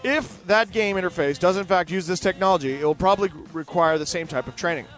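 A man hosting his own show, reading out news stories and commenting on them, animated and sardonic, swinging between loud outbursts and muttered asides. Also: high voice, quick pace, soft background music. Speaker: podcast host.

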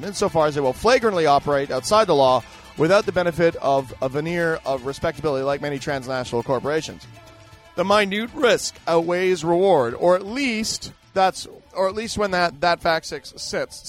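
A man with a somewhat raised pitch holds forth in a loose, emphatic monologue. He circles back on himself often and piles on fillers as he answers a listener's letter. Soft music plays quietly underneath. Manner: rambling, emphatic, full of fillers and restarts. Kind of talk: casual ranting monologue.

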